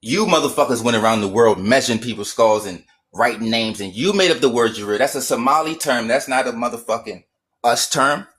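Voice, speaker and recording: A man's voice: medium pitch, expressive, fairly quick, fairly bright tone. A man in a heated casual rant, profane and emphatic. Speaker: streamer.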